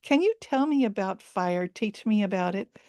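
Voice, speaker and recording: A woman's voice: medium pitch, lively intonation, moderate pace, dark tone, no echo, studio quality, natural voice. Woman voicing a scheming young hunter. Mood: earnest. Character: curious, scheming male hunter, lost in jungle.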